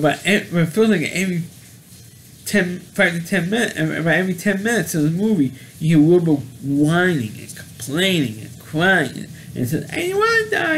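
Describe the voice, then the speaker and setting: A man talks through a film review in a slightly high voice. He stumbles, restarts and repeats himself as he retells the story. A faint hiss runs under the recording. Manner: halting, repeats words and restarts often. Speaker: movie reviewer. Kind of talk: casual spoken movie review.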